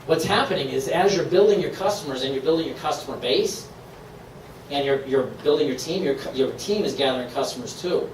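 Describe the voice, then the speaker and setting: A man from Maine giving an upbeat, persuasive sales pitch to a live room, laughing often. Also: a little fast, reverberant, recorded from a distance, slight background noise, poor audio. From Maine, USA. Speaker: presenter at a sales meeting. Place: meeting room.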